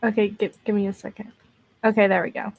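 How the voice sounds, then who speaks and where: A woman's voice: mid-range voice, level tone, fast, husky, phone-quality sound. A young woman streaming casually from her bedroom, tired and rambling, repeating words and laughing between fillers. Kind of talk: casual live-stream chat. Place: bedroom at home.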